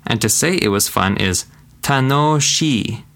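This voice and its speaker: A man teaching a casual language lesson, chatty and relaxed, slowing down to repeat phrases for practice. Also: mid-range voice, gravelly.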